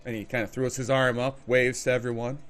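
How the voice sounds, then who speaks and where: A man talking softly and in a laid-back way as a player in a tabletop game. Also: medium pitch, flat delivery, fairly quick, no echo, soft background music. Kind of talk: casual tabletop play.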